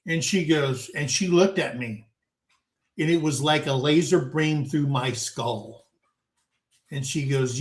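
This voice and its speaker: Slow folksy older man, roomy sound. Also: fairly high pitch. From United States. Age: 60s. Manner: folksy storyteller, addresses listeners as guys. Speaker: talk show host. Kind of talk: casual panel chat, storytelling. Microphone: video call. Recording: roomy echoing room.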